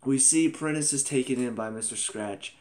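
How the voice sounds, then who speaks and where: A young man in his twenties talking through a TV episode in a casual review vlog. His voice sits in an ordinary middle range. He is animated and exclamatory, and he laughs often as he goes. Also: mid-range voice, moderate pace.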